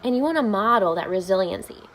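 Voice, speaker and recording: A woman's voice: medium pitch, expressive, quick pace, fairly bright tone, slight background noise. A woman family therapist, speaking upbeat and informally to parents, with frequent "um" fillers. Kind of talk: informational talk to camera.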